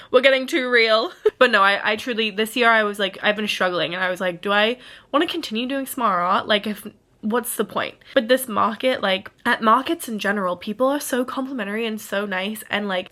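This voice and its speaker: Young female vlogger, mid pitch, chatty and heartfelt, rambling with frequent "like" and laughs; home-recorded diary style. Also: bright, forceful tone. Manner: rambling, emotional, laughing, lots of "like". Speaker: small business artist vlogger. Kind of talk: casual vlog talk to camera. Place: at home, indoors.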